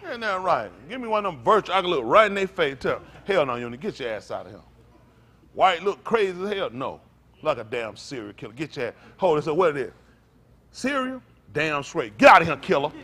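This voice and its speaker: An older man preaching a fiery, profane rant as pastor, swinging from loud outbursts to low tired mutters.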